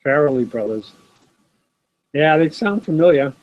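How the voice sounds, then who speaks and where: Speaking at a normal speed with lively intonation, a middle-aged man with a somewhat high voice runs a live sports card stream from his desk at home. He keeps things casual and addresses viewers by name, and the laptop's built-in camera mic makes it sound dull and dry.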